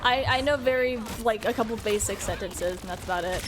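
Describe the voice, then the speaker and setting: High-voiced chatty young woman streamer. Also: fairly quick. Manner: chatty, rambling, frequent fillers. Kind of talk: casual chat while gaming.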